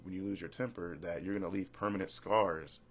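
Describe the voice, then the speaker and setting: A man's voice: low voice, steady tone, a little fast. A man hosting a casual radio talk show, telling a story in a laid-back way.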